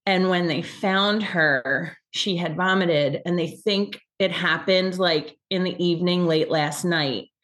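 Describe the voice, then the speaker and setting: A woman's voice: fairly low pitch, slow pace, hardly any pauses, fairly bright tone. Young adult woman, personal storytelling, rambling, casual, emotional undertone. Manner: rambling, frequent "like" and restarts. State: choked up at times.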